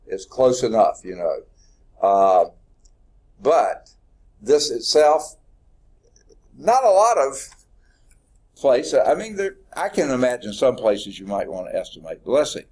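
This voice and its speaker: This middle-aged math instructor lectures his class informally and folksily, talking through his thoughts and fixing his own mistakes. His medium-pitched, darkish voice has a sing-song quality and a somewhat slow pace with long pauses.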